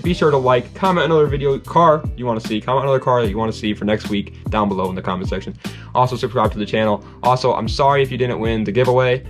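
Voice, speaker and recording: A young man hosting his own car channel, giving a casual, rambling review and often correcting himself mid-sentence. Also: mid-range voice. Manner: rambling, laid-back, self-correcting, laughs often.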